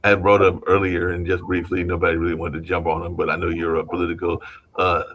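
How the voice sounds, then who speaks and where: A man with a very deep voice speaks quickly in a relaxed talk-show manner. He fills out his sentences with loose add-ons like "and everything" as he chats with his co-host. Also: highs cut off. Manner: informal, pads with "and everything". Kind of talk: casual political talk show chat.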